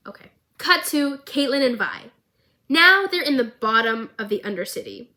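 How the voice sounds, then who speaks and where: Young woman vlogger, chatty and animated, bright voice, a bit high. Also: moderate pace. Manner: animated, chatty, filler-heavy. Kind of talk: casual recap of a show.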